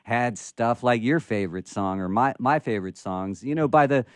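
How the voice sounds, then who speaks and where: A man hosting a casual interview, reflecting in a relaxed way and laughing easily. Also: mid-range voice, moderate pace, clear, resonant tone, no room sound, clean studio sound. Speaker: podcast host, former program director.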